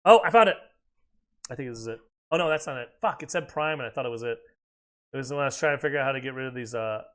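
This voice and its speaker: A man's voice: medium pitch, big pitch swings, fast, fairly bright tone. A man chatting casually and profanely while streaming a video game, rambling between reactions to play. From United States. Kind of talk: casual chat while gaming.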